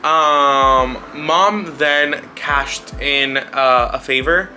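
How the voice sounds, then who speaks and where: A young man about twenty, a vlogger, talks very slowly in a sharp voice that sits on the high side. He rambles bluntly through a personal story as a casual life update, swearing often and using plenty of filler words, over faint background music.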